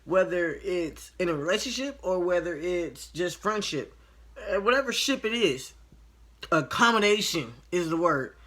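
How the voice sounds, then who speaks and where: A man with a somewhat high voice tells a story straight to camera in a loose, casual way. He talks frankly and swears freely, sounding exasperated, and he slips into the back-and-forth of the conversation he is recounting. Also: expressive, normal speed, fairly bright tone. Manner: retells conversations by voicing each side. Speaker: line cook.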